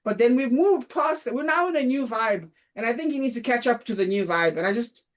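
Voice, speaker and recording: A woman co-hosting a casual movie podcast, talking in an animated, frank way. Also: fairly high pitch, a little fast. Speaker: podcast co-host.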